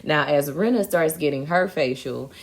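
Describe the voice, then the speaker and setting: A woman's voice: low voice, moderate pace. A young adult woman with a sassy, slangy, chatty manner, recapping a reality TV episode as a vlog host. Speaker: TV recap vlogger. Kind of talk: casual chat recapping a reality show.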